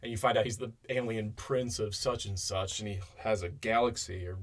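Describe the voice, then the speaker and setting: A man co-hosting a casual film review podcast, recapping scenes with animated bits of mock dialogue. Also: on the low side, a little fast. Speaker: podcast co-host.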